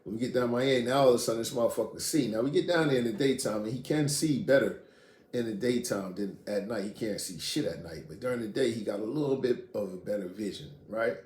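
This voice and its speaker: A middle-aged man from Queens, casually telling a story in street slang and profanity, animated and blunt. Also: lowish voice, quick pace. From Queens, New York. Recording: echoey room, faint noise.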